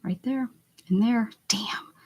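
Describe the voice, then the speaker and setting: A woman's voice: on the high side, slow, breathy edge. Chatty woman with a northern US accent. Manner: chatty, mutters and whispers asides to herself; reads out and answers viewer chat. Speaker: craft livestream host. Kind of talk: casual chat while painting.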